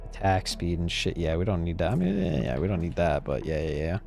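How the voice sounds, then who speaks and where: A live streamer with a low, expressive, slightly mellow voice and some vocal fry talks fairly quickly over faint music. Laid-back while playing a game, he rambles casually to his chat and swears now and then.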